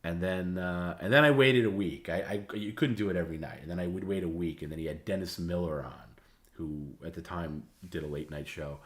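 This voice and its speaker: A man hosting a livestream and casually telling stories, rambling and halting as he repeats words. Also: low-pitched. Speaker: livestream host. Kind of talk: casual storytelling.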